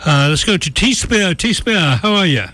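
A man's voice: sits high, expressive, normal speed, bright, forceful tone. A man hosting a call-in radio show, chatty and folksy, with many restarts. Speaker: radio talk show host.

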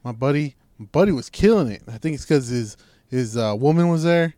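A man's voice: mid-range voice, animated, brisk, warm tone, no echo. A man telling a laid-back, profanity-laced story in casual podcast chat, quoting the people he talks about. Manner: laid-back, swearing, quoting others in his stories. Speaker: podcast co-host.

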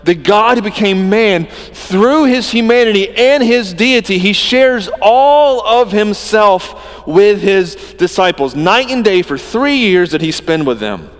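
A man preaching a sermon, earnest and emphatic, swinging between loud stresses and quiet drops. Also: high voice, lively intonation, unhurried, in a large hall.

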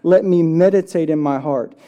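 A pastor preaching a church sermon in a casual, conversational way, often checking in with the congregation and reading scripture slowly. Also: medium pitch, dark tone, lo-fi sound. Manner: reads scripture slowly and deliberately.

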